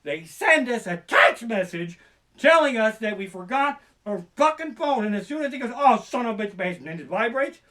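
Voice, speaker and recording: Fast-talking, animated, profane male comedian. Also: sits high. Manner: profane, fast-talking, mimics panicked voices. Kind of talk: stand-up storytelling rant. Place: living room. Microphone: basic home streaming setup.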